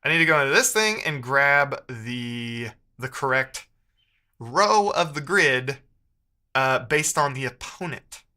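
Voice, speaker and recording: A man's voice: medium pitch, lively intonation, slow, sharp tone. A man streaming live as a programmer, thinking aloud while he codes and chatting with viewers, muttering to himself with playful asides.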